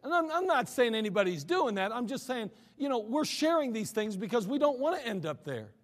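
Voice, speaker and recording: A man's voice: very high voice, sing-song, brisk, big-room sound. A man preaching a sermon in a conversational way, acting out the voices of people he quotes. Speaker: pastor.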